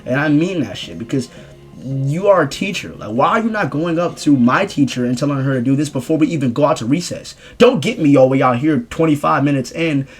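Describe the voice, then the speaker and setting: A young man telling a profane, slangy story about his school days, jumping from loud exclamations to low mumbled asides. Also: lively intonation, brisk, soft background music. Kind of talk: casual storytime rant.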